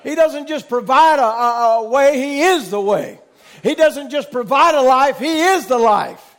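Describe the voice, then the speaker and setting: A middle-aged male preacher with a Southern US accent and a strikingly high voice. He drives his points home with repetition and punctuates them with amen, climbing into shouts as the sermon builds. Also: lively intonation, measured pace. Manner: emphatic, repetitive, calls out amen, rises to shouting. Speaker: pastor.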